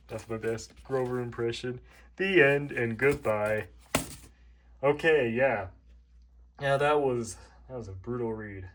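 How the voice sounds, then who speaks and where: A young YouTuber of about twenty talks casually and pokes fun at their own past. The delivery rambles, with quick asides and restarts, over faint background music. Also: medium pitch. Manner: rambling, self-mocking. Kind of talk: casual commentary, reading childhood books.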